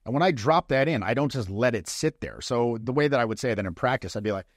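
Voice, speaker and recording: A man coaching dating in a casual, blunt way, swearing freely and acting out quick mock lines. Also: mid-range voice, animated, no room sound, studio quality.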